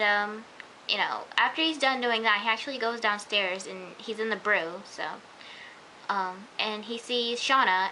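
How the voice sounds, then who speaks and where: A woman's voice: a little high, pushed and bright, rough recording. A young woman reviewing a TV episode in a casual, rambling chat full of fillers. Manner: chatty and rambling, many fillers. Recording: faint hiss.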